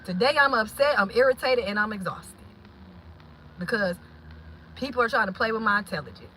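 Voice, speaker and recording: A woman hosting her own channel, talking to viewers in an impassioned, preachy way that swings from shouting to low, muttered asides. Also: brisk, a little hiss or hum, poor audio. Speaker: channel host. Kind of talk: impassioned livestream talk.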